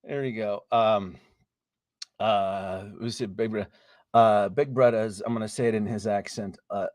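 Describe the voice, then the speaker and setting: A man's voice: on the low side, steady tone, unhurried, darkish tone, dry recording, clean studio sound. A man hosting a casual live stream, chatting with viewers, greeting them by name, laughing often and trailing off into restarts.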